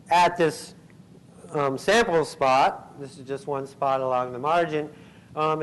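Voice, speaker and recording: Halting man giving a conference talk. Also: fairly high pitch, rough recording. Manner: halting, many ums and uhs, clears throat. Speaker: conference speaker. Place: convention center hall.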